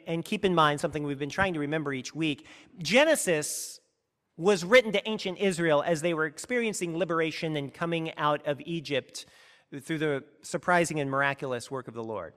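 A man's voice: fairly high pitch, bright, forceful tone, long reverb tail. A man preaching a sermon as pastor, earnest and emphatic, often restarting his sentences.

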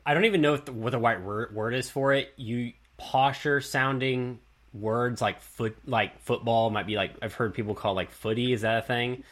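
A man's voice: medium pitch, normal speed, fairly bright tone. A man from Texas with a Texas accent, hosting a casual interview and rambling through his questions with frequent restarts. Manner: rambling, self-correcting, laughs easily. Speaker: podcast host.

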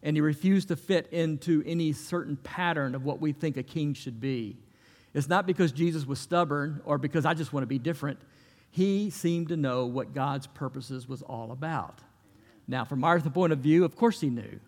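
A middle-aged man with a fairly high-pitched voice gives a sermon in a church sanctuary. He speaks in a conversational, storytelling way and often restarts his sentences. A long reverb from the large hall trails after his words. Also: moderate pace, a little mellow. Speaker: pastor.

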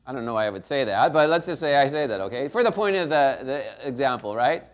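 A man's voice: medium pitch, lively intonation, fast talker. A middle-aged man preaching a sermon in a conversational way, often checking in with the congregation. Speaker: pastor.

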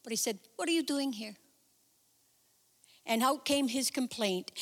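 Animated woman preacher in an echoing hall. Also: high-pitched, a little slow, long pauses. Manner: chatty, animated retelling with personal asides. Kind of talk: sermon, storytelling a Bible passage. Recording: reverberant hall.

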